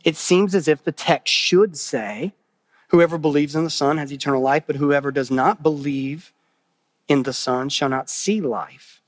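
A man with a high voice preaching a sermon in an earnest way. He repeats key phrases for emphasis and puts questions to his listeners. The sound is dry and close, with little room echo. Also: moderate pace. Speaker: pastor.

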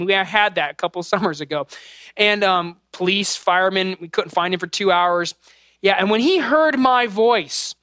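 A man's voice: high voice, pushed and bright, no room sound, studio quality. Earnest male pastor preaching. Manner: earnest, conversational preaching with personal stories. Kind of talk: sermon.

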